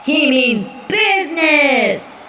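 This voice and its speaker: A woman voicing an overexcited male wrestling announcer who bellows drawn-out hype. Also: high voice, animated, heavy reverb, far from the mic, noisy background, voice pushed up. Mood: hyped.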